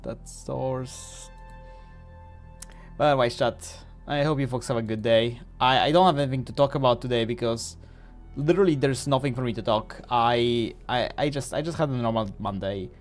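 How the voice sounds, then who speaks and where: Man, live streamer, playful rambler, mid pitch, soft music behind. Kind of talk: casual live-stream chat. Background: faint music.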